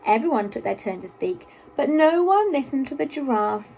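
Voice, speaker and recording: A woman reads a children's picture book aloud in an expressive, sing-song storytelling voice. Her pitch rises and falls a great deal, sitting fairly high, while her tone stays warm and mellow. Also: moderate pace, gravelly, slightly rough, low-quality recording.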